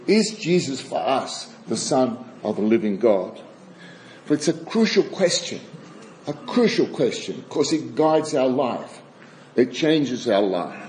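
A man preaching a sermon and reading scripture aloud, with frequent halting restarts and wry, chuckling asides. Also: medium pitch, very animated, a little mellow, low-quality recording.

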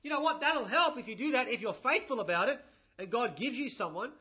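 A man's voice: very high-pitched, expressive, a little fast, sharp tone. A man preaching a conversational sermon, with lots of 'you know' and emphatic bursts. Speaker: pastor. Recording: dull lo-fi recording.

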